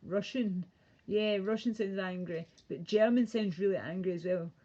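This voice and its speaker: A woman's voice: medium pitch, normal speed, mellow, lo-fi sound. Profane, ranting woman streamer. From Britain. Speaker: livestreamer. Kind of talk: casual livestream rant.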